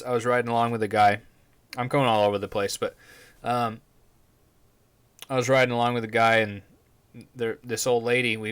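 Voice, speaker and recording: A man's voice: medium pitch, fairly bright tone, smooth. A man hosting a podcast, talking casually in a rambling, profane, laid-back way. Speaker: podcast host. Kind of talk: casual chat.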